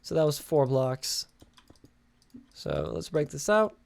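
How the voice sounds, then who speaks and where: A man's voice: a little high, wildly swooping pitch, slow pace, gravelly, darkish tone, no echo. A young male gaming host talks casually while he builds, tired and drowsy. He rambles in a chatty way, with fillers and false starts. The sound is dry and close, like a desktop gaming mic in a dead room. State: tired and sleepy.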